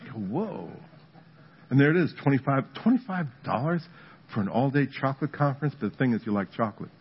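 Male pastor, mid-pitched husky voice, humorous storytelling sermon, lo-fi church recording. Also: quick pace. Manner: storytelling with humor, builds to animated emphasis. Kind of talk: conversational sermon.

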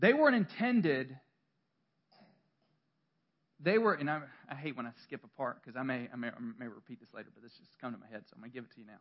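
A man's voice: medium pitch, fast, long pauses, highs cut off. A male pastor preaching a sermon in a church, talking conversationally with self-deprecating stories, restarts and laughter.

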